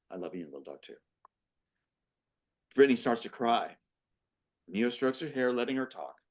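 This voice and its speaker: A man reading his own screenplay aloud, voicing each part himself and stopping to comment, fighting back emotion as he goes. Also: medium pitch. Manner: reads every part himself, breaks off to comment. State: choked up with emotion. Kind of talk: dramatic script reading with commentary.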